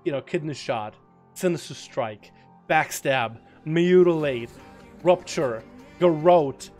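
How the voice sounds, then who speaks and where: A man's voice: a little high, takes it slowly, a little mellow, faint music behind. A man from Russia hosting a game livestream, calling duels play by play with jokes and casual slang. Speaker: livestream host and duel commentator. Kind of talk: live game commentary and chat talk.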